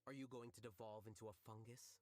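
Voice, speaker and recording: A woman putting on a deep deadpan game character. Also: fast talker.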